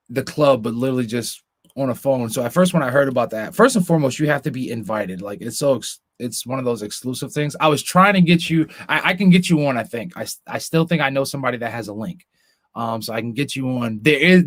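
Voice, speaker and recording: A man co-hosting a casual podcast, swearing constantly and mimicking family members in high voices. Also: no echo, studio quality. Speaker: podcast co-host.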